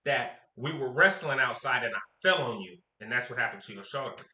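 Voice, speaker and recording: A man's voice: mid-range voice, animated, fairly quick, sharp tone, highs cut off, pitched below the performer's own voice. A man voicing his angry, drunk, harsh mother, scolding and demanding, in a recorded storytelling vlog. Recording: echoey room.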